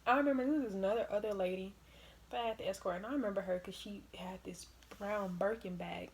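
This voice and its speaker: A young woman vlogger telling casual stories in an animated way, laughing often and swearing freely. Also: medium pitch, fast talker, a little hiss or hum. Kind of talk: casual storytime.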